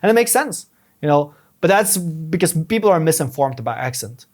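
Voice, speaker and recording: A young man with a non-native English accent talks earnestly on a podcast, his voice sitting a little higher than most. He explains things step by step, often restarting his sentences. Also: sing-song, brisk, darkish tone. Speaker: podcast guest, YouTube strategist. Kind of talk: casual advice talk.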